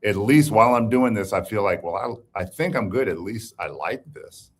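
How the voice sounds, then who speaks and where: A middle-aged man with a notably low, deep voice, speaking as a guest in a relaxed interview. He talks slowly and reflectively, often pausing and restarting his thoughts before landing on what he means. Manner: measured, reflective, hesitant restarts. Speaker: guest executive. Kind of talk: conversational interview.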